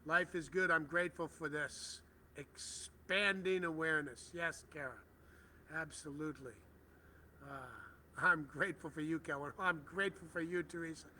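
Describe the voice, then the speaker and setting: A middle-aged man hosting a prayer livestream outdoors, speaking gentle, reverent affirmations as he reads viewers' comments aloud over a phone. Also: on the high side, moderate pace, slight background noise. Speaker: spiritual livestream host.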